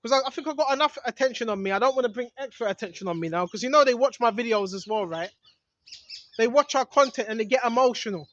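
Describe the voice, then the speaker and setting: A man's voice: extremely high pitch, expressive, fast, fairly bright tone, muffled recording. A man preaching in an emphatic, rambling way outdoors in a hidden spot in the woods, often asking "right?". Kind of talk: outdoor religious vlog monologue.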